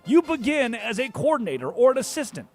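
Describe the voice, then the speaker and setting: Brief: male sports radio host, high and lively voice, mocking rant that swings loud to hushed. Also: soft background music. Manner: mocking, swings loud and soft, fast then slow.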